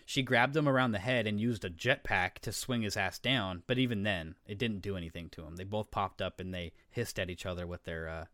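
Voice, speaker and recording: Male podcast co-host, low-ish voice, rambling and profane, dry studio sound. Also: fairly quick, few pauses, fairly bright tone, no room sound. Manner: rambling, swears casually, explains eagerly. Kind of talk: casual chat.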